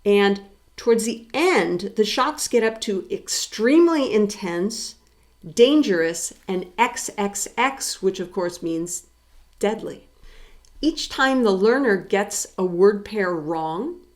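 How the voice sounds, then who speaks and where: A woman's voice: medium pitch, animated, takes it slowly. A woman professor giving a recorded psychology lecture, explaining step by step and putting rhetorical questions to her students.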